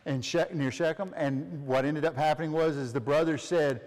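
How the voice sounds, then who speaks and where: Casual male Bible teacher, a bit high-pitched, chatty with questions and laughs, in a reverberant space. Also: steady tone, moderate pace, few pauses, a little mellow. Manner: reads aloud, then asks listeners questions and laughs often. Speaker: family Bible study leader.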